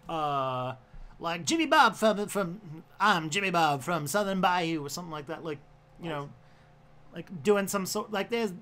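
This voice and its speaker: A man's voice: fairly high pitch, fairly bright tone. A man hosting a casual livestream, rambling with lots of fillers and restarts. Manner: rambling, full of fillers and self-corrections. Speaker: livestream host.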